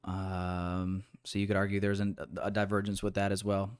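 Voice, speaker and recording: Streaming his trades live, a young man sounds frustrated as he rambles and restarts, addressing viewers as "boys" in a casual tone. His voice is deep, clear and resonant but monotone, at a moderate pace.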